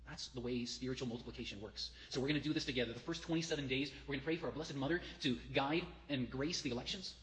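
Priest guy preaching fast and fervent, lots of echo from the church hall. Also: medium pitch, slight background noise. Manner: fervent preaching, reading quotations aloud. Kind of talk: sermon. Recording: long hall reverb.

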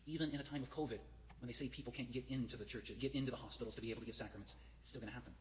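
A man preaches a fervent sermon, reading quotations aloud at a brisk clip. His voice carries through a church with a long, ringing reverb. The pitch sits in an ordinary middle range for a man. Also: a little hiss or hum. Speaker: priest.

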